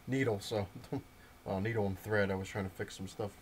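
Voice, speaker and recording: Rambling low-voiced man telling a story. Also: fairly even intonation, a little fast, a little hiss or hum. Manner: rambling, loose storytelling with many fillers and restarts. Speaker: comic book collector showing his purchases. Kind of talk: casual rambling anecdote to camera. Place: at home, indoors.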